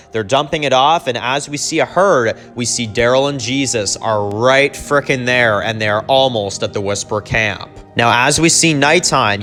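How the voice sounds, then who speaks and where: A man's voice: mid-range voice, a bit bright. Rambling casual male TV reviewer. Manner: rambling, heavy on "you know" and "like" fillers; casually re-reads character lines in his own voice. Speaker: TV episode reviewer. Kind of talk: casual recap and rewrite of a TV episode.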